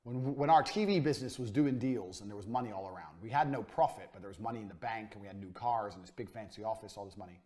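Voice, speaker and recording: A man's voice: fairly low pitch, quick pace, hardly any pauses, darkish tone. Cocky, punchy male business instructor. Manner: emphatic and cocky, short punchy sentences, swears freely. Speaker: course instructor. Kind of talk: blunt motivational business lecture.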